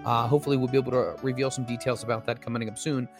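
Playful show host over music. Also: male voice, mid-range voice, flat delivery, rapid-fire. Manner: playful, boastful banter. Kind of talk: casual chat on a stream.

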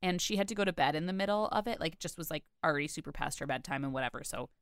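A woman co-hosting a podcast, chatting casually in an animated, gushing way, full of filler words. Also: sits low, rapid-fire, clean tone, no room sound, clean studio sound. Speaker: podcast co-host. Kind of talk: casual chat.

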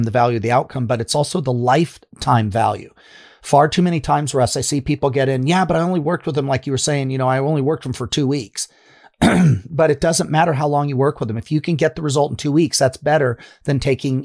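A man's voice: mid-range voice, darkish tone. A man co-hosting a coaching talk, telling anecdotes and acting out the people in them. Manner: anecdotal, acts out quotes. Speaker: business coach co-host. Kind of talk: casual storytelling advice.

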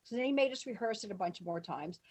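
A woman casually telling a story, acting out the people she quotes, shouting their lines, laughing and swearing freely. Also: medium pitch, quick pace, slightly rough. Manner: animated, acts out quotes with big shouts. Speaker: guest telling stories.

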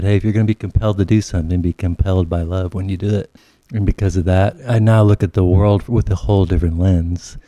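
A man with a low, mellow voice, earnest and reflective as a podcast guest. Dry, close sound. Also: no echo. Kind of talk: casual interview.

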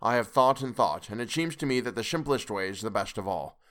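A man voicing an elderly foreign professor in an audiobook, speaking in a measured, deliberate, lecturing way. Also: medium pitch, animated, a bit bright, natural voice. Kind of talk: audiobook character reading.

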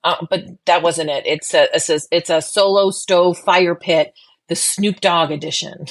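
A woman's voice: lowish voice, moderate pace. A middle-aged woman from Boston with a Boston accent, co-hosting a casual podcast chat in a chatty, self-deprecating way with lots of restarts. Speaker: co-host.

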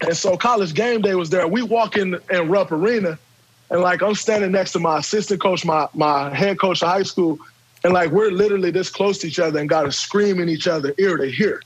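High, husky-voiced man telling a story. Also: brisk, dry recording, highs cut off. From Michigan, USA. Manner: profane, animated storyteller who acts out quotes. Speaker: guest telling his story. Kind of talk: casual podcast chat.

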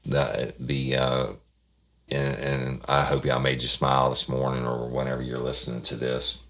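A man's voice: very deep voice, monotone, moderate pace, fairly bright tone. A man hosting a podcast, rambling and folksy in a casual thank-you monologue. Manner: rambling and folksy, frequent restarts. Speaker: podcast host.

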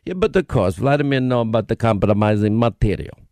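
A man putting on a mock Russian accent to mock a hearing exchange, swinging between high and low voices. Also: very animated, normal speed, no room sound, exaggerated voice. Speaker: host. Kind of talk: mocking reenactment.

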